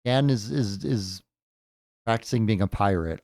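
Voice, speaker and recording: A man's voice: lowish voice, measured pace, darkish tone, dry recording, studio quality. A man casually commentating as he plays a game for the first time, thinking aloud with jokey asides. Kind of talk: casual let's-play commentary.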